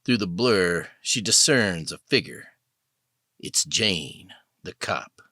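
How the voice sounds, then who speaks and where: Brief: male audiobook narrator, very low but lively voice, bright edge, dry close mic. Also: no room sound. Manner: measured, descriptive storytelling.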